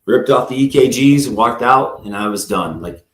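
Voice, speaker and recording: A man's voice: mid-range voice, moderate pace, fairly bright tone. A man who is a guest on a live talk show, telling a long personal story in a rambling way, acting out the people in it and often addressing the host by name. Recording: roomy echo.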